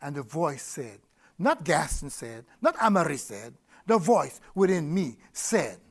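A man's voice: a little high, very animated, measured pace, breathy edge. A middle-aged man preaching a personal testimony, telling his story with laughter, repeated words and sudden bursts of energy. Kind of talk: testimony sermon.

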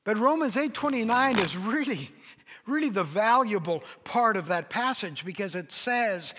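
Brief: older male pastor, high bright voice, emphatic sermon, long hall reverb. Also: expressive, moderate pace. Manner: emphatic preaching, acts out quoted voices.

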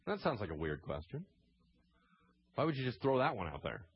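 A man preaching a sermon, telling the story with animated swings between loud emphasis and quiet intensity. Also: mid-range voice, brisk, pauses often, breathy edge, muffled recording. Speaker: pastor.

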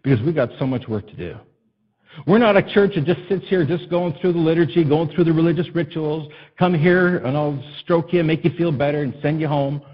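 Impassioned husky male pastor preaching. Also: a little high, a little fast, dull audio. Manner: impassioned, builds to loud emphatic peaks. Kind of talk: sermon.

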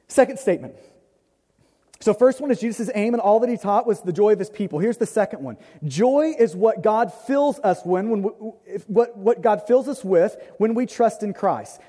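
Earnest high-voiced pastor in reverberant hall. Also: male voice, dark tone. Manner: earnest, repeats phrases, quotes scripture slowly. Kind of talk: sermon.

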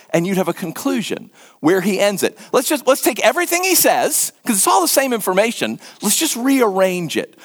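A middle-aged man preaching a conversational sermon, animated and repetitive for emphasis. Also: high voice. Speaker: pastor.

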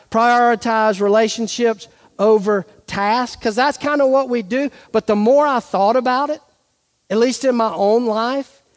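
A man pastor delivering a sermon, talking conversationally and asking rhetorical questions. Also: very high voice. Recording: reverberant hall.

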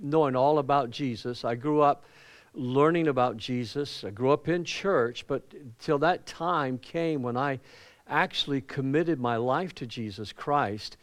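A middle-aged male pastor preaching a sermon, telling personal stories and acting out quoted lines with a voice that climbs higher and louder. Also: unhurried. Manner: animated preaching, acts out quotes with rising pitch and volume; conversational, personal storytelling.

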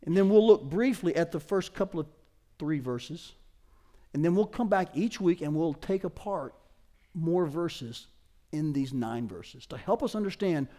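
Middle-aged male pastor, sermon delivery, high-pitched, emphatic, slows to stress key words. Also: dark tone.

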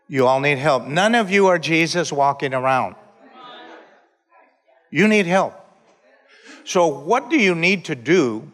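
Male pastor, slightly high voice, slow deliberate sermon delivery with shouted peaks, long church-hall reverb. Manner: preaching with call-and-response, bursts into shouts.

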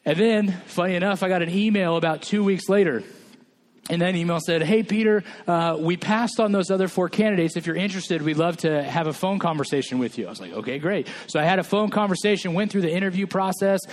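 A man's voice: high voice, fast. A male pastor from California preaching a sermon, telling a personal story with quoted dialogue.

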